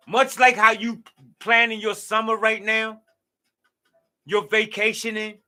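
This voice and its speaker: A man's voice: high voice, sharp tone. A tired man hosting a late-night livestream, rambling loosely in slang and preaching about life. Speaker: livestream host.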